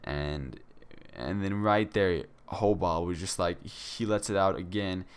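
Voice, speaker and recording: Deep-voiced young man telling a story. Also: slow, smooth. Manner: rambling, many fillers and restarts. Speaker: vlogger. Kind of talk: casual story time.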